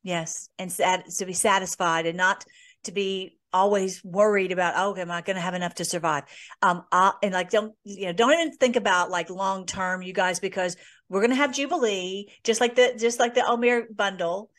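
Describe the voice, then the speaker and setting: A woman hosts an informal Bible teaching at a middle pitch. She reads scripture aloud, then talks it through earnestly and casually, stopping now and then to search for words. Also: normal speed, fairly bright tone. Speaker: host.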